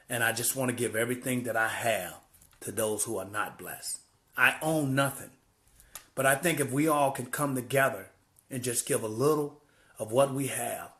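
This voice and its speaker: A man sharing a personal testimony in a vlog, an animated, preacherly storyteller who repeats phrases for emphasis. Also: mid-range voice. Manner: preacherly, heartfelt. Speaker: church volunteer sharing his story.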